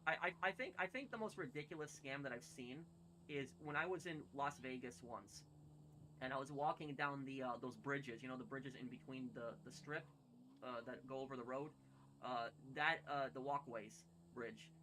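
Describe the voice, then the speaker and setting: A man's voice: medium pitch, normal speed, bright, forceful tone, a little hiss or hum. A man telling stories casually while playing a game, rambling with many fillers and restarts. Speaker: gaming streamer. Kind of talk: casual storytelling while gaming.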